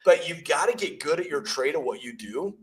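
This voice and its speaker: A man talks business on a podcast in a blunt, emphatic way. His voice sits slightly high for a man. He coaches agents with punchy stories. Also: animated, brisk, poor audio. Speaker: realtor and coach. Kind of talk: casual business podcast chat.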